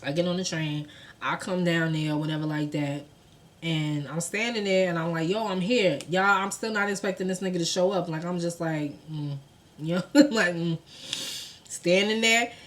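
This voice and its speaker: A woman, telling a personal story to her viewers in an animated, profane, conversational way. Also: lowish voice, normal speed. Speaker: vlogger. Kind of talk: storytime vlog.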